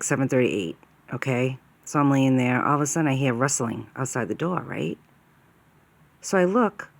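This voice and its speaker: A woman's voice: extremely low pitch, no room sound. A woman telling a personal story in a casual, rambling way, upset, with fillers like "okay?" and "right?".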